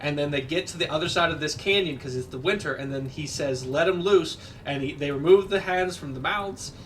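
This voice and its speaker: A man's voice: on the high side, fairly quick, fairly bright tone, distant mic, slight background noise. Rambling man recapping a movie. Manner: rambling, filler-heavy retelling with quoted voices. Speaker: podcast co-host. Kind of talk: casual movie recap while gaming.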